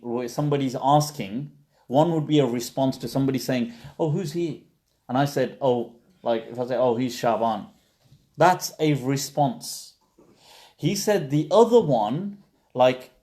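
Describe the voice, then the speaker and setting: Answering questions live on a stream, the male Islamic scholar talks through long, conversational explanations, often restarting and using fillers. His voice is medium-pitched with a dark tone.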